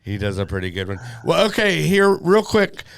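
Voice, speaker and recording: A man's voice: on the high side, big pitch swings, gravelly, no room sound. A man hosting a podcast in casual, playful chat. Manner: playful, quick to joke. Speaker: podcast host.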